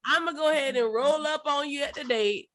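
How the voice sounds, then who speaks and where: A woman hosting a casual podcast who gives blunt, teasing pushback in heavy slang. Her voice sits a little high. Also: fairly quick, very noisy. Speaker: podcast host. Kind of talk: casual chat.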